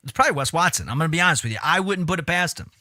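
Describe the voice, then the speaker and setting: A man riffing through a casual reaction stream, his voice lively and swinging up and down. The tone is bright and forward, and the sound is dry and close, with blunt, profane, mocking remarks. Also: on the high side, racing, no room sound. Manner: blunt, swears often, mocking asides.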